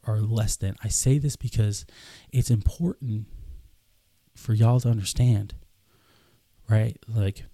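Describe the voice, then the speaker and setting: Gravelly earnest young man storyteller. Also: medium pitch, dark tone, no echo. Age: 20s. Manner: earnest, repeats himself, acts out dialogue. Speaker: podcast host. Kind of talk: casual storytelling.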